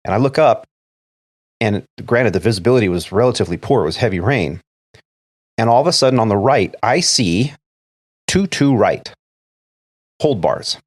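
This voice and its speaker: A man's voice: on the low side, lively intonation, moderate pace, long pauses, no room sound, clean studio sound. A man, an airline first officer, telling a story from work in a casual podcast chat, acting out the radio calls as he goes. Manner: recounts events step by step, acting out quoted radio calls.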